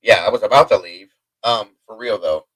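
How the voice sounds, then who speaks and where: A man's voice: fairly low pitch, moderate pace, fairly bright tone, dry recording, low-quality recording. A man hosting a livestream from home, telling a story in a hyper, rambling way with chatty asides to his viewers. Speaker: livestream host. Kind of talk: casual storytelling to a live chat.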